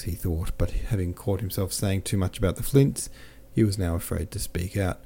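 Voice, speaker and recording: A man narrating a classic novel as an audiobook in a steady, measured reading. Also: low voice, gravelly. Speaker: audiobook narrator and podcast host.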